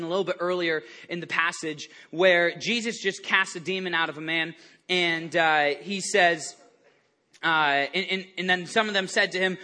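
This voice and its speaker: A male pastor preaching a sermon to his church, animated and lively, stumbling over restarts and acting out the people in his stories. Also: high-pitched. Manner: animated, acts out quoted voices, many restarts. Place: church service before a congregation.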